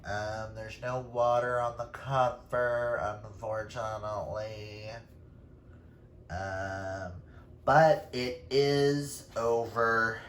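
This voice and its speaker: A man's voice: mid-range voice, steady tone, extremely slow, a little hiss or hum. A man chatting casually through a book wrap-up, self-deprecating, with playful asides. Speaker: book reviewer. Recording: roomy echo.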